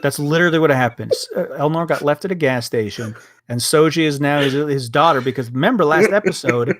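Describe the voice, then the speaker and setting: A man's voice: fairly high pitch, brisk, no room sound, clean studio sound. A young man co-hosting a casual review chat, ranting and swearing as he acts out quotes from the show. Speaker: podcast co-host.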